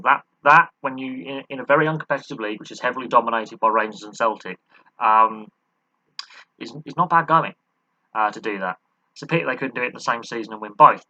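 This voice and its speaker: A man's voice: medium pitch, sharp tone, poor audio. A man hosting a football history channel, talking through a club's story in a loose, off-the-cuff way. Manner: loose and conversational, talks off the cuff. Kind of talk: casual unscripted history explainer.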